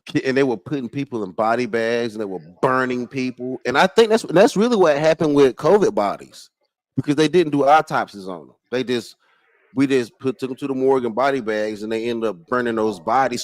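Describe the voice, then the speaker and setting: A man hosting a casual livestream chat, excitable and profane, jumping between loud outbursts and low muttering, and stumbling when he reads aloud. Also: a little fast, dry recording, rough recording. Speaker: livestream host.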